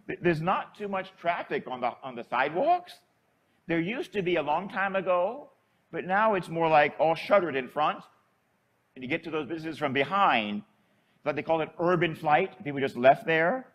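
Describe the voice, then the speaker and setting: Male priest, homily storyteller; high, very animated delivery. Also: highs cut off. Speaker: Catholic priest.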